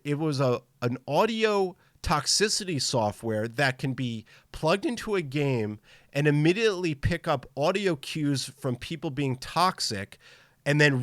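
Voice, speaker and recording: A man's voice: a little high, fairly bright tone, no room sound, studio quality. A man hosting a live gaming podcast in casual chat, upbeat and tired from travel, greeting viewers by name. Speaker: podcast host.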